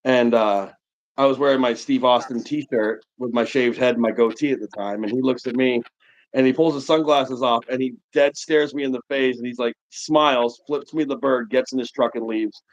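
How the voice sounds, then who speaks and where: A man's voice: medium pitch, normal speed. A man in his forties from New England, telling a long casual anecdote full of fillers on a livestream. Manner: rambling, animated anecdote telling with many fillers. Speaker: livestream host. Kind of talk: casual storytelling chat. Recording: muffled lo-fi stream audio.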